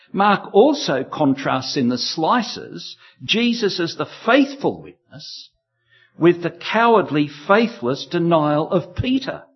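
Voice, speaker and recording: A male preacher delivers an expository sermon with a husky, slightly raised voice that swings widely in pitch. He sets up contrasts in emphatic, rhythmic pairs. The recording is dull and lo-fi.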